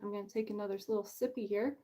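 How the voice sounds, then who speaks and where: A woman's voice: medium pitch, fairly even intonation, racing, dark tone, a little hiss or hum. Bubbly, chatty woman hosting a livestream. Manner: bubbly, chatty, self-deprecating; laughs often. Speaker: author hosting her book launch. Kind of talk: casual livestream chat.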